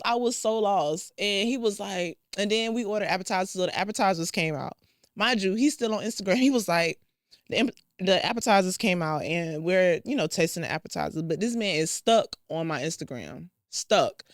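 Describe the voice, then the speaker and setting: A young woman vlogger telling a dating story in a casual, profane, animated way, acting out both sides. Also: medium pitch, no room sound, clean studio sound.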